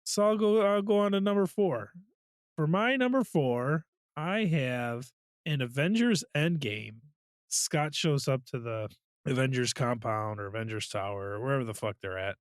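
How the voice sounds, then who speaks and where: A man's voice: mid-range voice, no echo, clean studio sound. A man co-hosting a podcast in casual chat, laughing often as he retells movie scenes. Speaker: podcast co-host.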